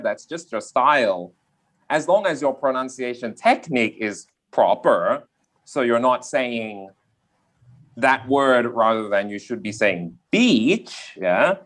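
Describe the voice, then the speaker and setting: A man from Australia with a softened Australian accent, an English teacher explaining pronunciation in a live online class, often checking in with "yeah?". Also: mid-range voice, sing-song, slow. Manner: explanatory, repeats key points, checks in with "yeah?".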